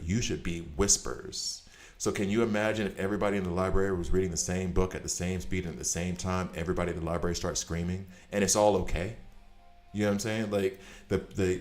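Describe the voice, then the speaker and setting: A man streaming a game, chatting casually and telling rambling, animated stories. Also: deep voice. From United States. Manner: animated storyteller, rambling tangents. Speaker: gaming streamer. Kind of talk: casual chat while gaming. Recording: echoey room.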